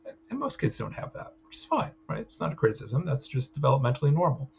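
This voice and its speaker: A man lecturing to trainees in an easygoing, talky way, tagging his points with "right?" as he goes. His voice sits at an ordinary middle pitch. The recording is a little dull and muffled, with faint room noise underneath. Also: wildly swooping pitch, fast talker, gravelly. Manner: conversational, frequent "right?" check-ins. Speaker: clinical trainer. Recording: slightly dull sound with faint ambience.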